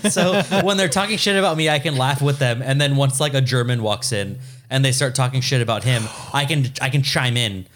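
A man's voice: mid-range voice, fairly quick, hardly any pauses. A Canadian man co-hosting a podcast, bantering casually and laughing often. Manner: jokey, swings into loud laughing put-on voices. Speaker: podcast co-host.

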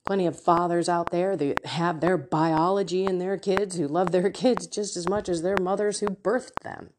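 A woman's voice: on the low side, steady tone, moderate pace, background noise. A middle-aged woman giving an impassioned spiritual talk and prayer, fervent and emotional, sometimes dropping to a whisper. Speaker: faith coach and speaker.

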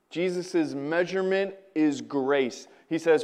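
A male pastor delivering a sermon with a slightly raised pitch. He tells stories with animation, pushing some lines out loudly and dropping others to a near murmur. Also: measured pace, few pauses, smooth. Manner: animated storytelling, swings from loud to quiet.

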